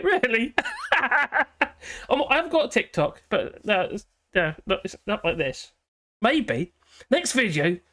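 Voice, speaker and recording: A hoarse man hosting a live stream, chatting in a rambling, cheeky way and giggling often. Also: very high voice, fairly bright tone. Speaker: livestream host. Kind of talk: casual live-stream chat. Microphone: headphones with a small speaker.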